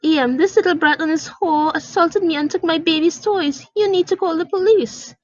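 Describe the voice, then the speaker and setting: Shrill, screaming entitled mom, as a woman puts her on. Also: normal speed. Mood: shrieking. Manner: screechy and insulting. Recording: dry, dull lo-fi recording.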